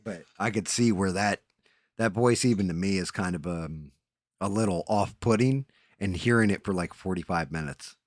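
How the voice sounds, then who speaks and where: A man's voice: deep voice, normal speed, no room sound, clean studio sound. A man hosting a casual live stream, rambling and swearing casually as he tells a story against himself.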